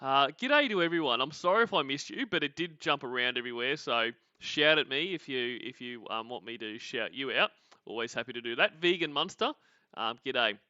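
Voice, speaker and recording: Bright, crisp Australian man rambling. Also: mid-range voice, lively intonation, a little fast, no room sound, dull audio. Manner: rambling, laughs often, greets viewers. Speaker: podcast host. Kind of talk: casual livestream chat.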